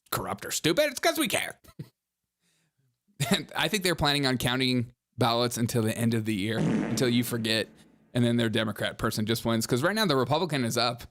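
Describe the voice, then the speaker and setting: A man's voice: mid-range voice, fairly bright tone. A man hosting a live-streamed political commentary show, reading headlines and super chats with sarcastic jokes and frequent laughter at his own lines.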